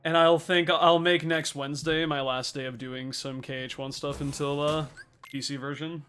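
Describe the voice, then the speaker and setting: Casual young guy streamer, fairly high, bright voice, quiet game music underneath. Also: steady tone, moderate pace. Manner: laid-back, thanks viewers and explains game tactics. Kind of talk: casual livestream chat while speedrunning.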